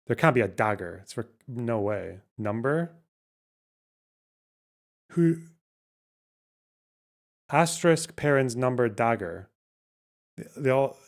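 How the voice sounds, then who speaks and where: A man hosting a livestream, chatting casually and reacting with swearing and restarts. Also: mid-range voice. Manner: swearing, incredulous, thinks aloud with restarts. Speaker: livestream host. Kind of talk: casual chat reacting to chat and clips.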